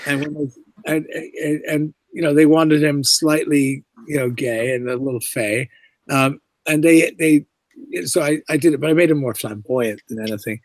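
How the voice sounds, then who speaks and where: A man, an actor being interviewed, telling stories in a lively way, acting out the lines he quotes, with lots of "you know" along the way. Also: fairly high pitch, moderate pace, no room sound. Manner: animated, acts out quoted lines, many fillers. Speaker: voice and screen actor, guest. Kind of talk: casual interview storytelling.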